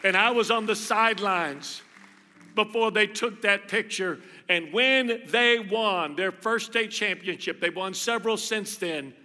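A middle-aged man preaching a sermon as pastor, telling stories with lively emphasis and repeating phrases. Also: high voice, a little slow. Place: church hall. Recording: reverberant hall, faint music.

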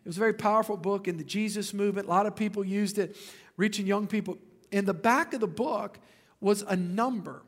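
A man in his fifties preaching in a church, his voice pitched high for a man. He tells stories with energy and throws joking asides to the congregation. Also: brisk. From Louisiana. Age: 50s. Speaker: pastor. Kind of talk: sermon.

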